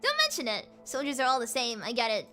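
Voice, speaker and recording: Gruff old Southern man, put on by a woman reading aloud, folksy and rough-mouthed, swoopy delivery. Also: fairly high pitch, wildly swooping pitch, quick pace, bright, forceful tone, faint music behind, pitched below the performer's own voice, heavily acted. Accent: put-on American Southern. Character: gruff old male scavenger with a drawl.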